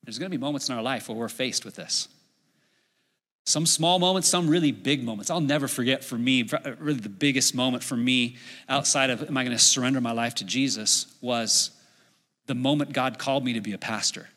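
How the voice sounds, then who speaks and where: A middle-aged man preaching a sermon as a pastor, telling a story in an animated way and acting out his own inner voice. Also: mid-range voice, fairly quick. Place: church sanctuary. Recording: long hall reverb.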